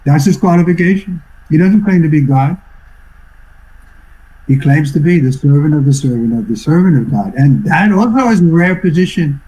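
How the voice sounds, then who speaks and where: An older man from New York, a swami giving a devotional talk over a video call, telling stories reflectively and clearing his throat often. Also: on the high side, animated, moderate pace, warm tone, poor audio. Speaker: swami teacher. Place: online video session.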